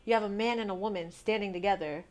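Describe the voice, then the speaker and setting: Woman in casual chat, emphatic, argues her side with examples, normal pitch. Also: quick pace, a little mellow.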